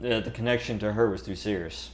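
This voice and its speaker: A man narrating as game master in a tabletop role-playing game, with lively descriptive narration. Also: fairly low pitch, fast, echoey room, slight background noise.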